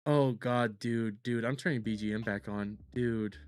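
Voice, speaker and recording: A man streaming casual reaction commentary, animated and swearing, often repeating words and mocking the people in the clips. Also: medium pitch, a little slow, clear, resonant tone, no room sound, studio quality, faint music behind.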